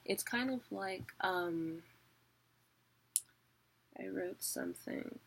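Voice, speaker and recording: A woman's voice: medium pitch, takes it slowly, creaky, slightly rough. A woman teaching a casual online lesson, explaining patiently with filler words and occasional chuckles. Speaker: poetry teacher.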